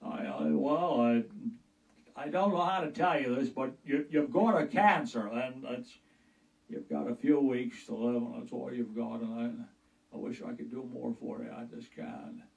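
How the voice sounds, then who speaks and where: A man impersonating a gentle older male film actor, speaking with a halting stammer that trails off softly. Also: mid-range voice, vocal fry, far from the mic, close to an everyday voice, poor audio. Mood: sorrowful.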